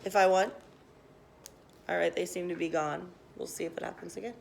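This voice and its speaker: A woman teaching a class, brisk and directive, quizzing students with questions. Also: lowish voice, fairly even intonation, vocal fry, slight background noise.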